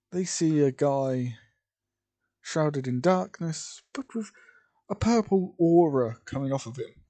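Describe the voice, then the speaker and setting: A man narrates a homemade story at a slow, unhurried pace, often stopping to correct himself mid-sentence. His pitch swings widely while the tone stays dark and mellow. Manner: rambling, self-correcting, hesitant. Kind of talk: improvised fan-fiction narration.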